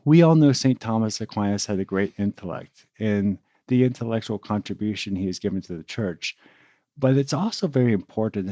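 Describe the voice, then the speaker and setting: A man's voice: lowish voice, mellow, no room sound. A man, a diocesan priest, co-hosting a podcast and reflecting earnestly on a saint, with small restarts. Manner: earnest, reflective, with repeated words. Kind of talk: casual podcast chat.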